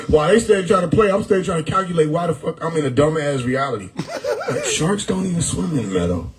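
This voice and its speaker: A man hosting a live stream, riffing loudly on chat comments with frequent laughter and profanity. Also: fairly high pitch, sing-song, fast, low-quality recording. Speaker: livestream host reading chat. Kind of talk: casual livestream chat. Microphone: phone or desktop mic on a live stream.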